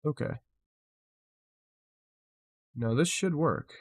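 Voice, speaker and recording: A man's voice: on the high side, extremely slow, darkish tone. A man live streaming, frustrated as he fixes his setup, swearing and muttering to himself.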